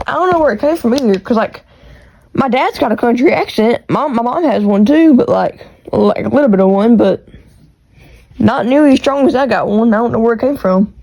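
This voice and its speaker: Fast-talking Texas country woman. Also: a little high, lively intonation, creaky, warm tone, rough recording. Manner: fast-talking, rambling with restarts. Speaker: podcast host. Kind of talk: casual solo podcast chat. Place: her bedroom. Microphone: AirPods with iPhone recording.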